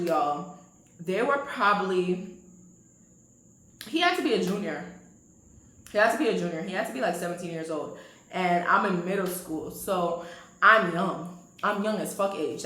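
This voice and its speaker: A young woman casually telling a storytime to her viewers, animated and laughing often. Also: echoey room, a little hiss or hum, poor audio. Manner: animated, laughs often, swoops high when excited.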